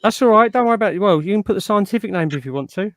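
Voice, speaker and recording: A man's voice: sits high, rapid-fire, dry recording. Male stream host, easygoing and matey, dry close sound. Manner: chatty, matey, relaxed. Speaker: livestream host. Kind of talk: casual live chat.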